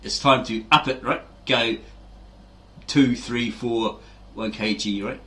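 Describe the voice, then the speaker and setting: Man, middle-aged, casual storytelling, animated, mid pitch. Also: slow. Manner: animated, acts out quoted voices, frequent "right?" tags. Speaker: fitness video host.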